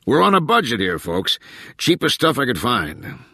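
A man voicing a gruff middle-aged male agency chief who talks briskly and with authority. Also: lowish voice, animated, sharp tone, no echo, studio quality, full character voice. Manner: brisk, commanding.

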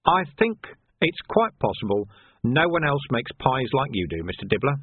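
A man's voice: mid-range voice, big pitch swings, normal speed, slightly rough, dry recording. A man reading a story aloud, voicing a worldly male city watch sergeant who speaks with understated irony. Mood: dry. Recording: dry, phone-like narrow sound.

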